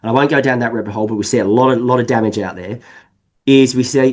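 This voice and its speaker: A man from England whose accent has drifted toward New Zealand talks as a podcast guest. His voice sits at an ordinary middle pitch. He explains at length and leans hard on key words with animated emphasis. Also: fast talker. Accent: mixed English and New Zealand. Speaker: sales consultant guest. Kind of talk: podcast interview.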